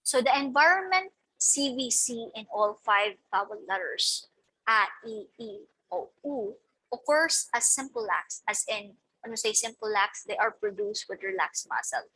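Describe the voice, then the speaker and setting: A woman's voice: on the high side, animated, moderate pace, pushed and bright, breathy edge, low-quality recording. A young woman, explaining a lesson step by step and marking each point with "okay" and "so". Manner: methodical, repeats "okay" and "so" between points. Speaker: teacher presenting a lesson. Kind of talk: explaining slides in a recorded lecture.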